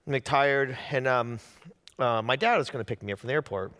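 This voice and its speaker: A man's voice: mid-range voice, a little fast, fairly bright tone, in a large hall. A young adult man, a pastor, giving a sermon and telling a personal story animatedly, acting out quotes.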